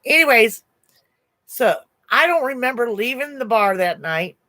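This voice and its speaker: Bright-voiced chatty woman in her 60s. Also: fairly high pitch, lively intonation, unhurried, dry recording. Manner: chatty, laughs often, answers chat comments. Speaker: crochet livestream host. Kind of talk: casual storytelling to a live chat.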